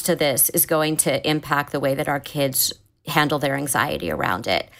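A woman in her forties, a therapist, calmly explaining advice in conversation, often restarting her sentences as she thinks. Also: low voice, moderate pace, creaky. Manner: calm, thoughtful, explanatory with frequent restarts. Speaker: therapist guest.

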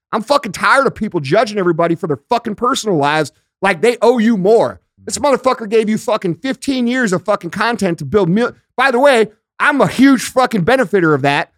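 Profane, high-voiced male podcast host. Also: animated, a little fast, hardly any pauses, a bit bright, no room sound, clean studio sound. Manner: profane, blunt, emphatic; conversational, uses everyday analogies. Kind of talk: casual podcast rant. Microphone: studio podcast microphone.

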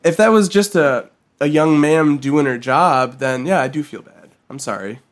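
A woman's voice: low-pitched, normal speed. A woman hosting a comedy podcast, chatting and retelling stories. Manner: animated storyteller, chatty. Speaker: podcast host. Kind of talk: casual chat.

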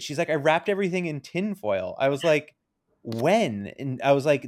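A man's voice: medium pitch, lively intonation, moderate pace, a little mellow, dry recording. A man co-hosting a podcast, telling a story in casual chat and acting out both sides of a conversation. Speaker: podcast co-host.

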